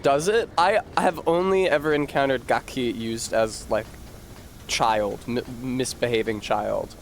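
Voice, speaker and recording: A man's voice: medium pitch, unhurried, slight background noise. Rambling male game streamer. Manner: rambling, reads aloud to chat, swears casually. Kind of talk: casual gaming stream chat.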